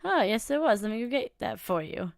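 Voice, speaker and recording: Gentle, motherly caretaker, read by a woman, reassuring and warm-hearted, dry recording. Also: on the high side, expressive, fairly quick, creaky, dry recording. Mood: kind.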